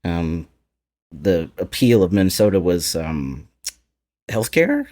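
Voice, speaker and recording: A man with a low voice and an Appalachian accent speaks as a podcast guest. He talks candidly and thoughtfully about his life, breaking into laughs now and then. The tone stays casual and open. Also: very animated, slow, darkish tone. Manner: candid, reflective, laughs often.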